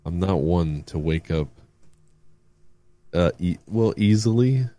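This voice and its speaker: Deep-voiced man, casual chat, dry matter-of-fact humor. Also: expressive, slow, warm tone.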